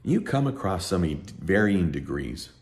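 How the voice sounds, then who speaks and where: Middle-aged accountant, animated rant to camera, lively swinging delivery with a deep voice, running on little sleep. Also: male voice, normal speed, creaky. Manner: emphatic, ranting, animated. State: sleep-deprived. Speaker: accountant and tax educator. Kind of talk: heated unscripted talk to camera.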